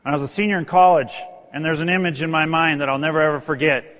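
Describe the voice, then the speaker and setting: An earnest man with a high voice tells stories to a live audience. He speaks with feeling, and his voice rings out with a long reverb through a large hall. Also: steady tone, fast, fairly bright tone. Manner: earnest, emotional, rises in pitch when stirred. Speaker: motivational speaker. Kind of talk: storytelling speech to an audience.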